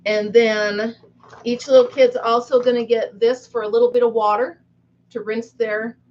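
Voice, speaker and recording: A woman's voice: a little high, little pitch movement, normal speed, darkish tone, highs cut off. A woman hosting a casual live chat with viewers from a room at home, giggly and self-mocking as she talks. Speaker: live-stream host.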